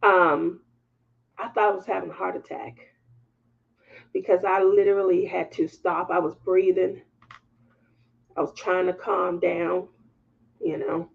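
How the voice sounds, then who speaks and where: A woman hosting a craft livestream, telling a story to her viewers in candid, animated casual chat and laughing as she goes. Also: lowish voice, measured pace, vocal fry, long pauses, breathy edge, narrow, tinny audio.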